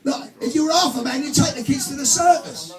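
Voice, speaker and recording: A man's voice: very high voice, quick pace, recorded from a distance. A man doing a nagging fed-up wife. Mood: scolding. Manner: scolding, sharp ultimatums. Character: nagging wife, fed-up middle-aged woman. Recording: echoey club with music and crowd.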